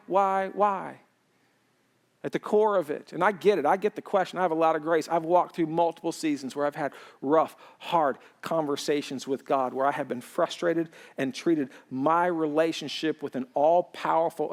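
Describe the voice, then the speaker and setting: A male pastor preaching a conversational sermon, swinging between loud excitement and quiet softness, with lots of "you know" and "like". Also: fairly high pitch. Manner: frequent fillers like "you know" and "like".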